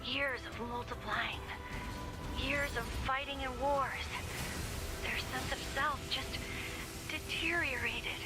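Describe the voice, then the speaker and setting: A woman voicing a soft-spoken, ageless boy, sad and resolute. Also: high voice, takes it slowly, long pauses. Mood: solemn. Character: weary centuries-old boy with many clones. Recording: game audio with loud music.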